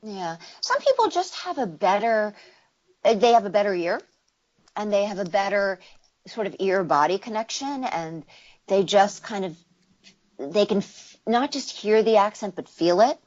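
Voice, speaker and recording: A woman's voice: mid-range voice, sing-song, normal speed, darkish tone. A woman from the United States, a voice actor and dialect coach, explaining things in a casual interview and demonstrating sounds with her voice. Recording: slightly muffled interview audio.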